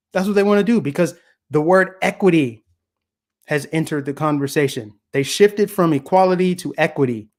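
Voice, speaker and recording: Guy ranting on his own show, kinda high voice, sarcastic, lots of rhetorical questions. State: voice getting scratchy. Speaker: political commentary host. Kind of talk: casual solo commentary.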